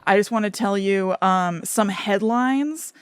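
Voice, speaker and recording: Podcast co-host, mid-pitch, dry close mic, relaxed and wry, lots of agreeing. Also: measured pace, smooth, dry recording. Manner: laid-back, agreeable, dry. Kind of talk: casual movie review chat.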